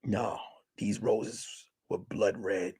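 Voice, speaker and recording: A male comedian telling a mock film-noir detective story in slow, dramatic narration with crude asides. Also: on the low side, fairly even intonation, warm tone, husky. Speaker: comedian and podcast host.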